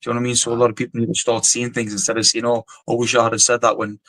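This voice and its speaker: A middle-aged Geordie man tells his army stories in a blunt, rambling way, full of swearing and filler words. His pitch sits in the everyday middle, and the sound is dry and close with no room around it. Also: little pitch movement, rapid-fire, a bit bright, no room sound, low-quality recording. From North East England. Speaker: guest, former soldier and boxer. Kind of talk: casual storytelling interview.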